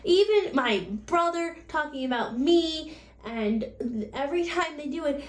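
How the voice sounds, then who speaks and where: High-voiced woman vlogger, roomy sound. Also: expressive, a little slow. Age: 20s. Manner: exasperated, asks rhetorical questions. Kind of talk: casual vlog rant.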